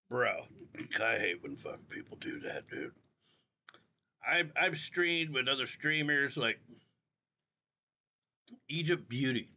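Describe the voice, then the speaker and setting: Profane ranting male streamer, bright voice. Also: medium pitch, dull audio. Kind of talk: casual livestream chat.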